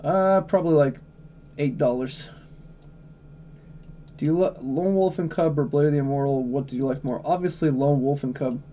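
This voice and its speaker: A man's voice: fairly high pitch, normal speed, pauses often, warm tone, slight background noise. A man chatting casually on a livestream, blunt, opinionated and profane, answering chat questions.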